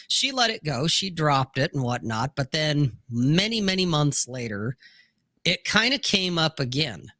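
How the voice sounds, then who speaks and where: Brash, bright-voiced man telling a candid story. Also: a little high, dry recording. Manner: candid, profane anecdote with frequent "you know". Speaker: podcast co-host. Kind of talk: casual storytelling on a podcast panel.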